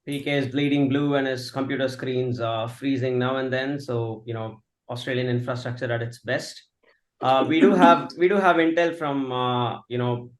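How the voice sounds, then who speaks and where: A man's voice: medium pitch, reverberant. A man hosting a casual cricket podcast over a video call, teasing his guests and bringing each one in with plenty of fillers. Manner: jokey, introduces guests with fillers. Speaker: podcast host.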